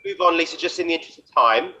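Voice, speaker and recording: A man's voice: a little high, expressive, rapid-fire, pushed and bright. A man, a consultant, chairing an online event and introducing speakers with thanks over a video call. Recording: muffled lo-fi video call audio.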